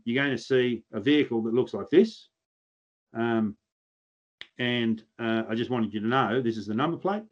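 A man's voice: medium pitch, dull audio. An Australian man chatting as a podcast guest, telling blunt, earthy stories with mild swearing. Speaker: podcast guest, pig hunter. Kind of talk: casual podcast chat.

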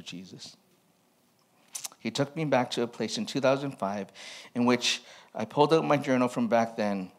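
A man speaking as a pastor, reading from an old journal to his listeners. His delivery is candid and reflective, with a self-mocking edge. His voice sits in an ordinary middle pitch for a man.

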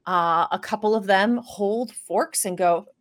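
A woman's voice: mid-range voice, a little slow. Woman, game master, descriptive narration, filler-heavy, tabletop horror game.

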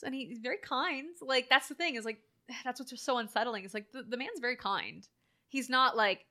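A woman co-hosting a casual chat, animated and full of filler words, acting out quoted lines as she talks. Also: on the high side, fairly quick. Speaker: podcast co-host. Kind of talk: casual chat reviewing a horror film.

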